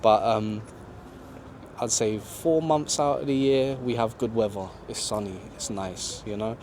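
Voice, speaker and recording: A man answering interview questions outdoors in a relaxed, conversational way. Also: fairly low pitch, measured pace, a little hiss or hum. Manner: laid-back, conversational, lots of "you know". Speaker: travel vlogger being interviewed. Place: outdoors in a city park.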